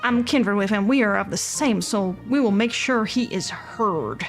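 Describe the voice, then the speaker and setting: A woman's voice: medium pitch, measured pace, music in the background, lightly acted. Woman doing a stiff formal apothecary man. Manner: formal, wordy.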